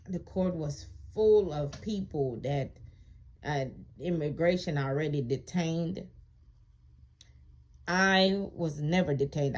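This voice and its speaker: A woman casually telling a personal story to viewers, emphatic and colloquial, repeating phrases for emphasis and growing animated when she recalls being wronged. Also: fairly low pitch. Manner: animated when reliving indignation. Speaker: vlogger sharing her immigration experience.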